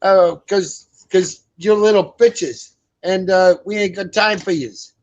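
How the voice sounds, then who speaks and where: A man's voice: sits high, takes it slowly. Crude, rambling man on lo-fi audio. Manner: crude, rambling, repeats himself with many fillers. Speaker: co-host. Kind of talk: casual profane chat. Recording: dull lo-fi sound.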